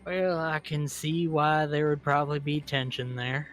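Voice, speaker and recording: A man in a tabletop game speaking in his character's put-on southern drawl, his somewhat high voice moving in halting, hesitant phrases. Faint music plays under the voice chat. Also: fairly even intonation, a bit bright. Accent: American Southern (put on). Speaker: player.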